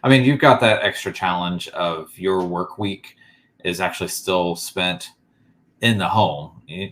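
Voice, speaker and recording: A very deep-voiced man talks things over slowly and thoughtfully as a podcast co-host. He stays measured and leans on little fillers as he works through an idea. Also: fairly bright tone. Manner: reflective, measured, with many fillers. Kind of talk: casual chat.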